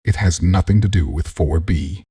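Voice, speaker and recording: A man's voice: deep voice, normal speed, mellow, breathy edge. A man giving blunt, scornful voice-over commentary between clips. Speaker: commentary channel host.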